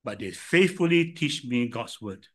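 An older pastor with a Singaporean English accent preaches a sermon full of stories, swinging between loud and soft. His voice is medium-pitched and expressive, with a measured pace.

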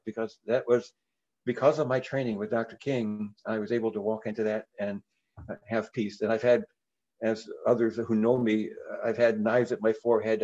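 An older man, a reverend, telling a story in an interview in an earnest way, with frequent halting restarts. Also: lowish voice, a little mellow, lo-fi sound.

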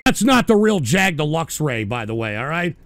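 A man's voice: on the high side, very animated, moderate pace, fairly bright tone. A man hosting a live internet call-in show, rambling, cursing and losing his temper at trolls. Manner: hot-tempered, swearing, rambling. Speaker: internet radio host. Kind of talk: profane live call-in stream.

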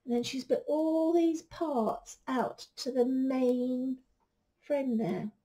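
Woman, teacher reading a picture book to kids; high, slow, soft-spoken with hushed whispers. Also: fairly even intonation. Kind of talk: picture-book read-aloud.

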